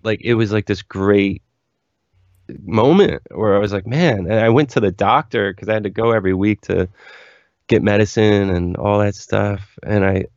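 A man's voice: fairly low pitch, steady tone, normal speed, darkish tone, no room sound, lo-fi sound. A young man, a musician guest, telling stories in a candid, rambling way full of "like" fillers. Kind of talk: casual interview storytelling.

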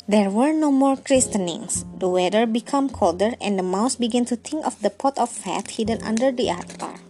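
A woman reading a bedtime story aloud in a gentle, unhurried narrating manner. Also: a little high, soft background music.

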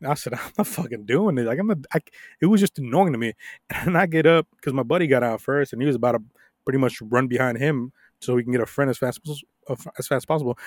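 A young adult man tells rambling stories on a casual podcast. He swears freely, laughs often and gets loud and animated. His middle-pitched voice is recorded close up on a dry mic. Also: fast talker, dry recording. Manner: profane, animated storytelling with laughs. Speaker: podcast co-host.

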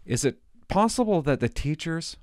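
A middle-aged man doing stand-up comedy, sarcastic and mock-outraged, swinging between loud outbursts and muttered asides. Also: a little high, sing-song, moderate pace, dry recording, clean studio sound. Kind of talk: stand-up comedy with ironic reading.

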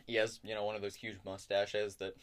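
A man with a fairly low voice runs a tabletop game, narrating scenes in a casual, halting way. He pauses often and fills gaps with likes and ums. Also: level tone. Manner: hesitant, many fillers and likes. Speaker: game master.

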